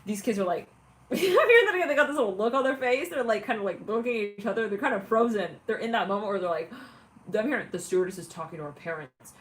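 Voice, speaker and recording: A woman's voice: mid-range voice, fast talker, low-quality recording. A woman giving a casual, rambling tarot reading, talking in a chatty way with lots of fillers and frequent laughter. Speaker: tarot reader.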